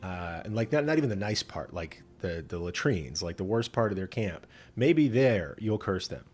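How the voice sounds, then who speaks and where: A man's voice: lowish voice, lively intonation, moderate pace, a little mellow. A man doing an exasperated king. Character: frustrated male king pushing a reluctant hireling.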